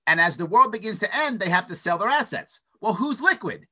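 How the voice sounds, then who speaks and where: A man holds forth as an interview guest. He argues eagerly, stumbling into restarts and checking in with quick "right?" tags. His voice sits high and bright, and it swings widely in pitch. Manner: animated, stutters restarts, frequent "right?" tags. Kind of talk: opinionated conversational monologue.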